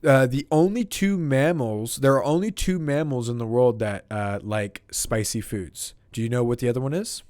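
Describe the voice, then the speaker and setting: A man's voice: mid-range voice, moderate pace, few pauses, darkish tone, dry recording. A young man co-hosting a casual podcast, reading trivia aloud and stumbling over long words. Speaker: podcast co-host. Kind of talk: casual chat.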